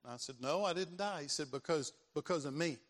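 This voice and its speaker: A man, preaching a sermon and telling a personal story, acting out voices and building to loud emphasis. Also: fairly high pitch, fairly quick, a little hiss or hum. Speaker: pastor. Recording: long hall reverb.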